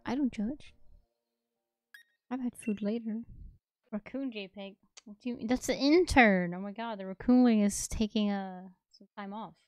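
A woman streamer chatting casually during a game stream, rambling and quick to laugh. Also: medium pitch, darkish tone, no echo. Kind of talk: casual gaming livestream chat. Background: background music.

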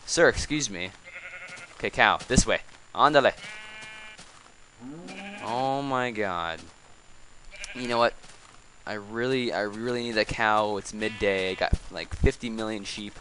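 A man's voice: fairly low pitch, measured pace, long pauses, fairly bright tone, slight background noise, rough recording. A man giving casual gameplay commentary, coaxing animals along with exasperated, chatty asides. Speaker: let's play host.

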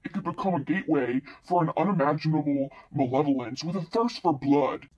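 Guy reading a spooky book blurb, husky kinda breathy voice, pitched a bit up. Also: brisk, dull audio.

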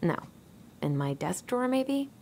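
A woman voicing a nervous young woman in a video game, talking quietly to herself. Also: medium pitch, very animated, unhurried, slight background noise. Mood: anxious. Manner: quiet, self-reassuring, murmured to herself. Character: nervous young woman returning to her childhood home.

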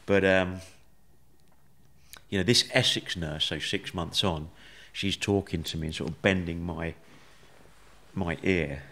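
A man, a podcast guest, telling his story in a measured, reflective way with many fillers. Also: low voice, fairly bright tone. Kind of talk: conversational storytelling.

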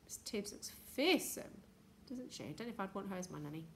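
A woman's voice: mid-range voice, expressive, a little fast, a little hiss or hum. Woman teacher reading a storybook.

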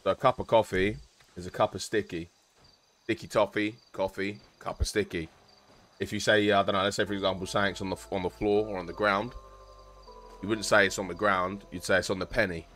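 A man's voice: deep voice, little pitch movement, a little fast, fairly bright tone. A man from South East London with a London accent, chatting casually to his stream viewers in a rambling, explaining way with some swearing.

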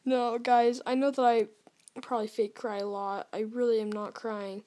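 A woman's voice: a little high, little pitch movement, moderate pace, warm tone. A young woman playing a horror game, sounding scared and jittery and stammering now and then. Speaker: gamer.

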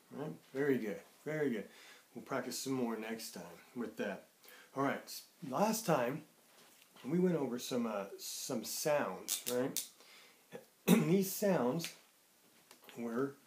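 A man's voice: medium pitch, a little mellow. A male teacher giving a playful, encouraging phonics lesson to young children. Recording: echoey room.

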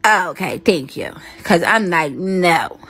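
Soft music plays behind a woman with a lowish voice who speaks at a slow pace. In her casual live stream chat, she animatedly addresses her viewers directly, thanks people for their comments, and vents bluntly with curse words.

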